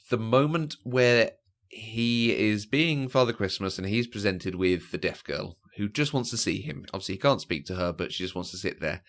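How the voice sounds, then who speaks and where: Brief: podcast co-host, man with a lowish voice, lively, does little voices when retelling scenes. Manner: animated, often acting out quoted lines. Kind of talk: casual chat about films.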